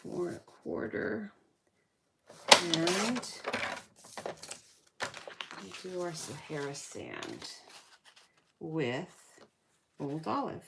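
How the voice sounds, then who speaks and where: A woman's voice: low-pitched, wildly swooping pitch, very slow, gravelly, pauses often. A woman hosting a card-making tutorial, chatting casually and thinking aloud as she works at her craft table. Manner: chatty, thinks aloud, self-correcting, laughs at herself. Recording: loud background noise.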